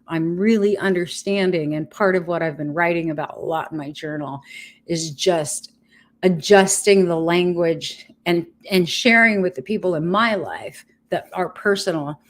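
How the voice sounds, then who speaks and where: A woman in her fifties speaks straight to her livestream viewers with a slightly low voice. She is earnest and blunt, and she talks from the heart without softening anything. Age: 50s. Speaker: vlogger sharing her cancer treatment. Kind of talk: candid livestream talk to viewers.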